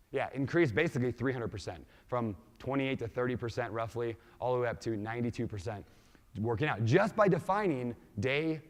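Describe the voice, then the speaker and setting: Man giving a talk in an echoing hall. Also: medium pitch. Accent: mixed Minnesota, Washington and Hawaii. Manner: energetic, quizzes the audience with questions. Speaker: conference speaker. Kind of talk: motivational keynote talk. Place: large conference hall. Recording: reverberant conference hall.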